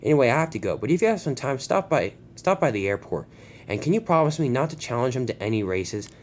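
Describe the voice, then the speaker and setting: A man's voice: medium pitch, very animated, quick pace, a little hiss or hum, natural voice. Guy doing a worried bossy little engine, voice jumping around. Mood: fretful. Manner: fretful, scolding. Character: fussy sensible male steam engine.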